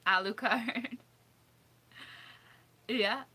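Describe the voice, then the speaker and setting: A woman's voice: on the high side, extremely slow, bright, forceful tone, slightly rough. A woman hosting a casual livestream, reading out suggestions, giggling often and thinking aloud as she second-guesses pronunciations. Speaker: livestream host.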